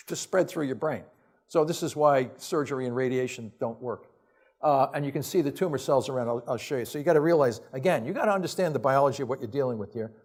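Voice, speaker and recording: A man's voice: on the high side, darkish tone. A man giving a science lecture to an audience, emphatic and exasperated, firing off blunt rhetorical questions in casual, off-the-cuff phrasing.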